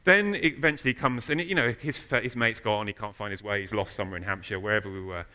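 Animated man preaching a sermon. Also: fairly low pitch, fast talker. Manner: storytelling, animated, rises to loud emphasis. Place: church.

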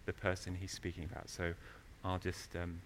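Male preacher, bright forceful voice, lively storytelling sermon. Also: deep voice, normal speed, slight background noise. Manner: storytelling, animated, rises to loud emphasis. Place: church.

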